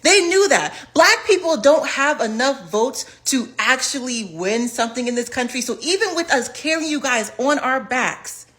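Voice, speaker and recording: A woman's voice: high voice, expressive, moderate pace, few pauses, a bit bright. A woman ranting emphatically in a social media video. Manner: angry, emphatic.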